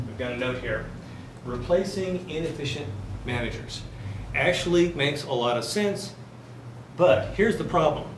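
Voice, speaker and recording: A man's voice: on the high side, slight background noise. A man lecturing a finance class in a chatty way, telling stories and throwing questions at the students. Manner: chatty, tells anecdotes, quizzes the class.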